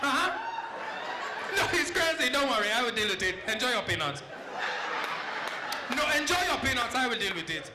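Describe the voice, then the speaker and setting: A man's voice: very high voice, very animated, normal speed, long pauses, noisy background. A man voicing an overly polite African airline passenger who talks formally and apologetically, on a comedy stage recording. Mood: polite, apologetic. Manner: apologetic, soft-spoken, formal. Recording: roomy club with loud crowd.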